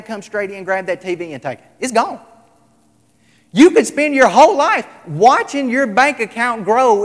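A man preaching a sermon, emphatic, repeating his lines and swinging between loud and soft. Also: high voice. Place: large hall, tonight service. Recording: echoey hall with long reverb.

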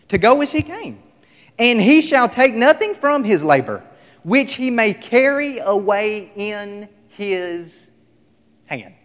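A man preaching a sermon, emphatic, repeating his lines and swinging between loud and soft. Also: sits high. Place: large hall, tonight service. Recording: echoey hall with long reverb.

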